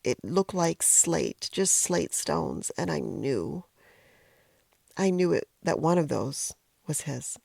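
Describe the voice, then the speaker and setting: A middle-aged woman narrating a personal story in a reflective, emotional way, often pausing and sometimes dropping to a whisper. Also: low voice, animated, vocal fry, a little mellow, breathy edge, no echo. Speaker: podcast host telling a personal story.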